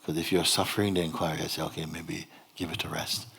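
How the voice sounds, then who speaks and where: A man guiding a seeker as a spiritual teacher in a satsang dialogue, gentle and unhurried, often breaking into laughter. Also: a bass voice, flat delivery, creaky, breathy edge. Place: hall.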